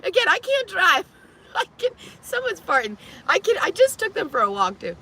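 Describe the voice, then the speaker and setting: A woman vlogger telling a story to camera in an animated, profane way, laughing and coughing often. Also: very high voice, moderate pace.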